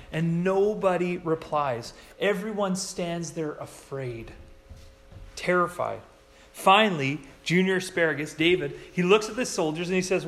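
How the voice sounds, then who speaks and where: Guy giving a sermon at church, kinda high voice, acts out the stories. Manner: animated storytelling, acts out quoted lines in a higher voice. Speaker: pastor.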